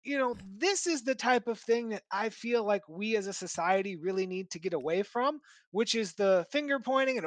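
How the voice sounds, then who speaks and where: A woman co-hosting a sports podcast, talking with animated indignation. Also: medium pitch, normal speed, hardly any pauses, no room sound. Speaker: podcast co-host. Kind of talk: casual sports chat.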